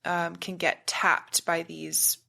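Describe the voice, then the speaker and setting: A woman's voice: on the low side, completely flat delivery, slow pace, vocal fry, pushed and bright. A woman talking as a podcast guest in a meandering, searching way, sometimes buzzing to illustrate a point. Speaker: podcast guest, spiritual practitioner. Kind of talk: casual conversation.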